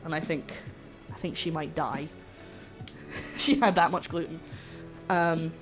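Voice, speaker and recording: A woman's voice: low voice, slow, over music. A young woman chatting casually to viewers as she cooks in her home kitchen, greeting people and joking as she goes. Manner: chatty, greets viewers warmly, jokey asides. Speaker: cooking streamer. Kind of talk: casual livestream chat while cooking.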